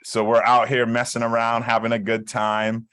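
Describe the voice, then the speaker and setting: A man's voice: mid-range voice, normal speed, clean tone, no echo, clean studio sound. A man in his forties from Saint Kitts, a guest chatting casually over a video call from a hotel room, with lots of fillers. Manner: relaxed, chatty storyteller with many fillers.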